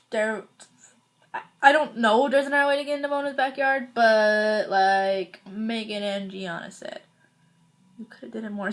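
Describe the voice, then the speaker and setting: A woman's voice: mid-range voice, a bit bright. Chatty woman rambling through a recap. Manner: rambling and chatty, full of fillers and restarts. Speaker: video host reviewing a TV episode. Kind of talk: casual recap vlog.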